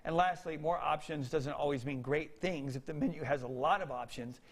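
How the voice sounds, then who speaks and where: A man co-hosting a local TV morning show in a studio, easygoing with halting restarts. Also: fairly high pitch. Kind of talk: casual studio chat.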